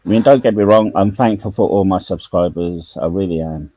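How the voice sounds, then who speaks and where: A man talks bluntly and jokes in a casual online chat, sitting low in his register. His tone is dark and relaxed, and the sound is dry, with no room around it. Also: fairly quick, no echo, rough recording. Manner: blunt, jokey, slips into Cockney slang. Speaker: YouTube channel host.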